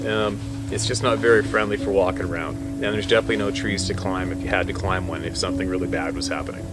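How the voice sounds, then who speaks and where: A man, a hunting guide, telling a wild story in a casual, animated way and swearing freely. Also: low voice, quick pace, music in the background. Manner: swearing, animated storyteller who swings between hushed and loud.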